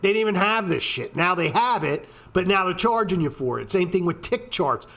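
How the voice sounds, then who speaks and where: Walking through trading charts on a casual screen share, this male host rants and swears heavily, peppering his talk with filler words. His high-pitched voice is animated and sharp with vocal fry, at normal speed.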